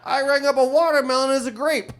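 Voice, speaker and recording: A man performing a crude stand-up comedy set on a club stage, telling ornery stories with sudden loud outbursts. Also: very high-pitched, steady tone, a little fast, a little hiss or hum.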